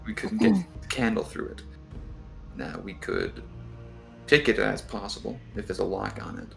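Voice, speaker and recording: A man playing a tabletop game, joking around and planning out loud in casual chat. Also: lowish voice, huge pitch swings, normal speed, vocal fry, faint music behind. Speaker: player.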